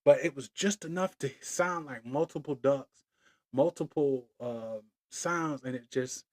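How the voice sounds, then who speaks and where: A man's voice: medium pitch, a little slow, a little mellow. A man hosting his own podcast, talking loosely and playfully, drifting into rhymes and chuckles. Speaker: podcast host. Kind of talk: casual solo podcast monologue.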